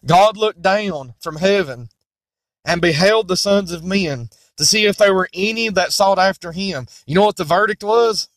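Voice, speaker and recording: A man's voice: high-pitched, normal speed, a bit bright, no echo. A male preacher delivering an emphatic, repetitive sermon that quotes King James scripture. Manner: voices imagined objections in a mocking tone.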